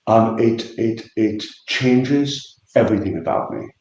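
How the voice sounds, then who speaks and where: Deep-voiced earnest Christian man. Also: animated, unhurried, a little mellow, reverberant, dull audio. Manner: earnest, hesitant restarts while explaining. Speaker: Christian debater. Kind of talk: casual online debate.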